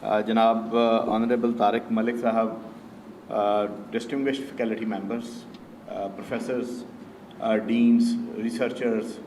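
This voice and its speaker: Man, keynote speaker, formal and halting, lots of pauses; distant mic, roomy hall. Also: lowish voice, level tone, a little mellow, a little hiss or hum. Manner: measured, hesitant, many filler pauses. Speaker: university official and keynote speaker. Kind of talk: formal conference address. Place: conference auditorium.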